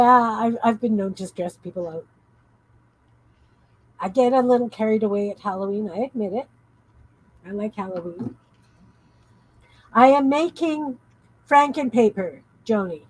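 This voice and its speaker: A woman's voice: fairly high pitch, a little slow, pauses often, slightly rough, dry recording, rough recording. A woman hosting a casual crafting live stream, tired, rambling and giggling as she chats with viewers.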